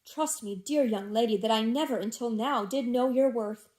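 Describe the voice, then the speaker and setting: A woman reading the part of a smooth, persuasive older gentleman in a classic novel. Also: fairly high pitch, moderate pace, close to an everyday voice. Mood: mock-indignant. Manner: silky, persuasive, falsely tender.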